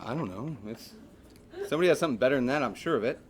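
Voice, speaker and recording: A man's voice: medium pitch, quick pace. A man teaching a math class in a classroom, chatty and joking, asking his students questions as he lectures.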